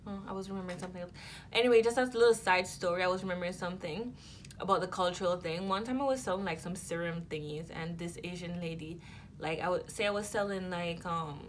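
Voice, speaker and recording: A woman telling a casual storytime to her channel, animated and rambling, with many fillers and restarts. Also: on the low side, a little hiss or hum.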